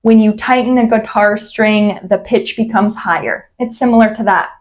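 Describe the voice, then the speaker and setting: A woman coaching vocal exercises, explaining clearly and demonstrating glides. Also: medium pitch, normal speed, highs cut off. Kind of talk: instructional voice exercise lesson.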